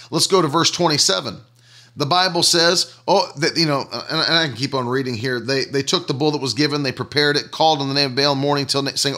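A man's voice: fairly high pitch, bright, forceful tone. A man preaching a sermon, reading scripture aloud and repeating key phrases for emphasis. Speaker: pastor.

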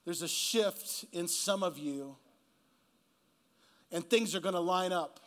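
High-voiced man preaching a story. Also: a bit bright. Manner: casual storytelling, slows and rises for emphasis at the close. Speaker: guest pastor. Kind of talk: sermon storytelling.

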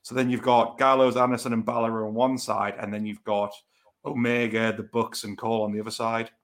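A man's voice: mid-range voice, level tone, brisk, a bit bright. A man co-hosting a casual podcast chat, explaining his picks at length. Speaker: podcast co-host.

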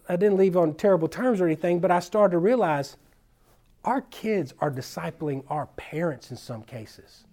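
A man who is a children's minister, telling stories at a conference in an animated, folksy way with casual slang. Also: fairly high pitch. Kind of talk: storytelling conference talk.

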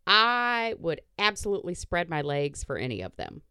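A woman's voice: on the low side, sing-song, moderate pace, sharp tone, smooth, no echo, clean studio sound. A woman hosting a podcast, chatting casually in a bawdy, self-mocking way and laughing often. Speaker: podcast host. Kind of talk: casual chat.

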